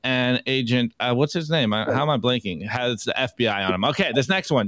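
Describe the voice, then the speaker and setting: Man, casual stream host, fairly high voice, dry close sound, loose and rambling, self-correcting. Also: a little fast, hardly any pauses, a bit bright, no room sound. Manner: loose, chatty, stumbles and restarts while reading memes aloud. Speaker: podcast host. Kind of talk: casual live-stream commentary.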